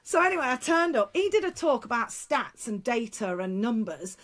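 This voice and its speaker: A middle-aged woman with a fairly high voice talks as an interview guest, a speaker and one-time teacher. She tells her stories frankly and bluntly, breaking into laughter, restarting her sentences and letting a mild swear word slip in. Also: sing-song, moderate pace, fairly bright tone. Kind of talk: casual interview storytelling.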